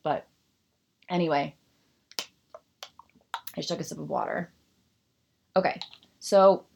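A woman's voice: low-pitched, vocal fry, a little mellow. A woman in her thirties hosting a solo podcast, ranting sarcastically and animatedly, then reading a passage aloud. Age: 30s. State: out of breath. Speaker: podcast host.

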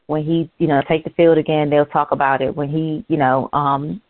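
A woman's voice: low-pitched, level tone, normal speed, no echo. A woman co-hosting a podcast, speaking earnestly and emphatically in casual chat. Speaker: podcast co-host. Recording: dry, thin phone-like sound.

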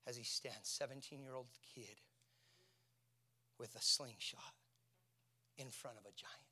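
A man preaching a sermon, asking his congregation questions and swinging from hushed near-whispers to loud shouting. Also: medium pitch, measured pace.

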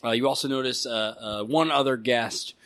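A man running a tabletop game session as game master, narrating in a loose, rambling way full of fillers and stops. His voice sits at an ordinary middle pitch. The recording is dry and close, with no room sound. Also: steady tone, normal speed, a bit bright, dry recording.

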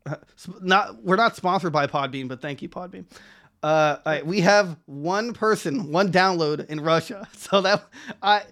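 A man's voice: sits high, normal speed, fairly bright tone. A man co-hosting a podcast, chatting casually and rambling with many restarts and laughs. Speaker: podcast co-host.

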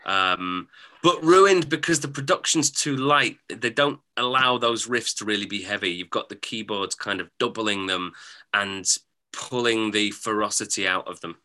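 A man's voice: fairly low pitch, normal speed, pushed and bright. An English man with a mixed northern and southern accent, co-hosting a music podcast in casual chat, thoughtful and a bit hesitant, laughing easily. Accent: English, mix of northern and southern. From England. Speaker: podcast co-host.

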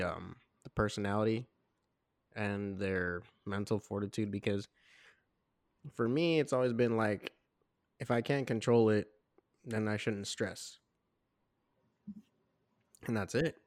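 A man's voice: fairly low pitch, steady tone, unhurried, pauses often, a little mellow, dry recording, studio quality. A man co-hosting a casual podcast, talking bluntly and matter-of-factly with a no-nonsense, tough-minded manner. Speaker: podcast co-host. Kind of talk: casual chat.

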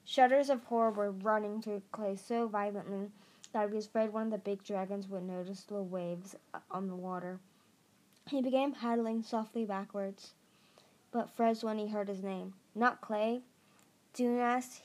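A woman's voice: mid-range voice, steady tone, moderate pace, a little mellow. A woman narrating an amateur audiobook reading, stumbling over words and restarting.

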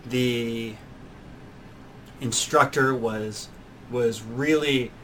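A young man hosting a podcast, telling his own story in an earnest, animated way, often restarting and acting out quotes. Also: medium pitch, very slow, slight background noise. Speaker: podcast host. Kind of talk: personal storytelling.

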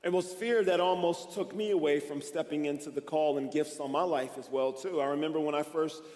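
High-voiced, animated preacher man. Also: fairly quick. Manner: energetic, animated and conversational, with bursts of excitement. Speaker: pastor. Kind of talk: sermon. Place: church sanctuary. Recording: echoey church hall.

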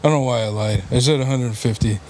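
A man's voice: medium pitch, fast talker, darkish tone, a little hiss or hum. A young man and podcast co-host telling a sheepish, laughing story in casual chat, swearing freely.

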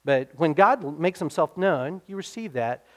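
A man's voice: fairly high pitch, animated, unhurried, fairly bright tone. A middle-aged man preaching a sermon as pastor, in an earnest, conversational way, often checking in with his listeners.

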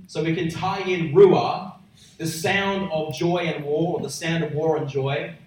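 A man preaching a sermon to a congregation, emphatic and building to loud peaks. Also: a little high, steady tone, unhurried. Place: large church hall. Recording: echoey hall from far off.

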